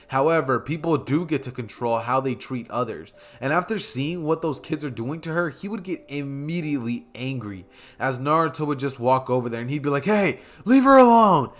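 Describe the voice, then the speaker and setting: A man's voice: mid-range voice, fairly bright tone. A man narrating a fan-fiction story in a casual, rambling way, with joking asides. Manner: casual, filler-heavy, with self-aware joking asides. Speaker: YouTube storyteller.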